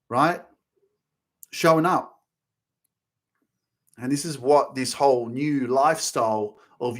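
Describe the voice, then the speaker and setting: A man in his thirties hosting a motivational podcast, talking passionately and with emphasis, cursing freely and repeating phrases to drive points home. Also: a little high. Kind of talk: motivational monologue.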